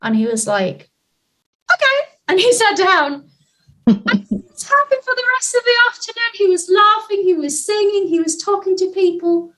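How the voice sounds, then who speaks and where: A woman in a casual interview, telling a personal story with lots of fillers and lively retellings. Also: extremely high pitch, normal speed, rough recording. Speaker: guest, nonviolent communication trainer.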